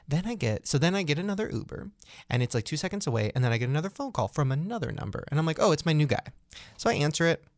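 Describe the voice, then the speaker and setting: A young podcast host with a fairly high voice talks very fast, recorded in a clean studio with no echo. Hosting a casual chat show, he tells an energetic story and acts out the voices in it.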